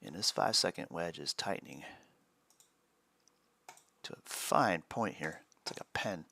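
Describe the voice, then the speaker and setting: A man's voice: low voice, lively intonation, unhurried, gravelly, pushed and bright. A man co-hosting a live day trading stream, chatting casually and chuckling as he explains chart setups.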